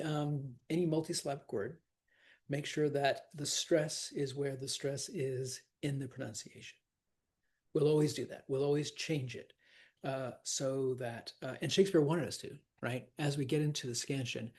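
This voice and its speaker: A man's voice: mid-range voice, darkish tone, slightly rough. A man teaching a lesson on verse scansion, chatty and demonstrative, sounding out rhythms aloud.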